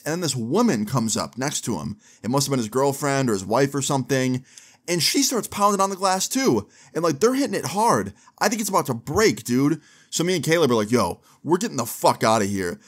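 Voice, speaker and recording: A young man telling a story to camera in a casual, animated way, with slang and swearing, acting out what other people said. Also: mid-range voice. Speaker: storyteller vlogger.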